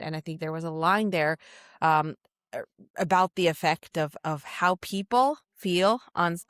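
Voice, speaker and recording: A woman with a slightly low voice talks things over as a podcast guest, thinking aloud as she goes. She circles back and restarts her phrases while she searches for words. The sound is close and dry, with no room around it. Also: a bit bright, smooth, no echo. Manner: thoughtful, reflective, with frequent restarts and laughs. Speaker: podcast guest, company CEO. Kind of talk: conversational interview.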